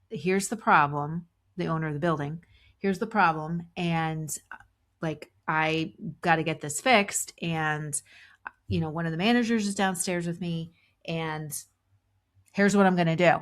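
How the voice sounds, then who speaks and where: A middle-aged woman with a fairly low voice tells a story on her podcast. She restarts often and acts out her own thoughts as she goes. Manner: animated retelling with many restarts and acted inner thoughts. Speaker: podcast host. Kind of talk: storytelling monologue.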